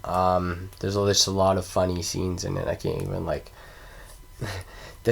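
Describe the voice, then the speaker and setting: A man's voice: low-pitched, flat delivery, a little slow, creaky, pauses often, breathy edge. A man casually ranking movies in a vlog, rambling and swearing freely, laughing often and losing track of names mid-sentence. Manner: profane, rambling, laughs a lot, trails off forgetting names. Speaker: movie review vlogger.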